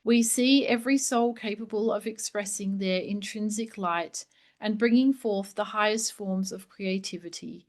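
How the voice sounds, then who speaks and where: A woman hosting a spiritual reading, reading a book aloud in a soft, gentle, hushed way with her own commentary, sometimes dropping to near a whisper. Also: mid-range voice, normal speed. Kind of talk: slow meditative reading with commentary.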